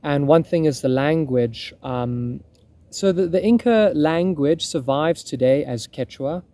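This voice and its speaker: A man's voice: on the high side, unhurried, mellow. A man reenacting history, explaining in casual talk and often breaking off to restart his thoughts. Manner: musing, self-interrupting.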